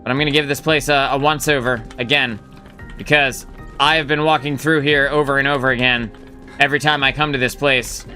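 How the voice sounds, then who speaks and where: A man's voice: mid-range voice, steady tone, fairly quick, sharp tone, faint music behind. A man streaming a game live, rambling casually as he thinks aloud and swears now and then. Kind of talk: casual gameplay commentary.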